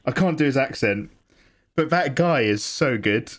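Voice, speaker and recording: A man's voice: mid-range voice, lively intonation, measured pace. A young man hosting a live drawing stream, chatting casually and joking with viewers. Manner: chatty, jokey, laughs often. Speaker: livestream host. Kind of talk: casual chat while drawing.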